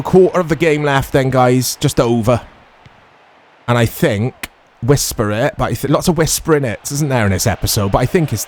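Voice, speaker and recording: A man talks his viewers through a football video game in a loose, chatty way. He jumps up in volume when a chance comes close. A faint hiss sits under his mid-pitched voice. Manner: excitable, shouts at big chances, chatty asides. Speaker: gaming commentator. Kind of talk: casual let's-play commentary.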